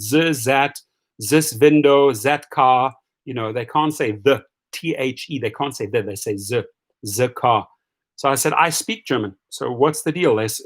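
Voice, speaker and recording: A man hosting a live rideshare stream, ranting and telling stories in a mocking, animated way with casual profanity, speaking straight to his viewers. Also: fairly high pitch. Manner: animated, mocking, swings between shouting and muttering. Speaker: rideshare channel host.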